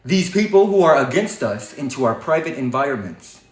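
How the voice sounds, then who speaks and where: A man's voice: mid-range voice, big pitch swings, normal speed. A man hosting a livestream, giving a defiant, preachy monologue full of swearing. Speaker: livestream host. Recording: echoey room.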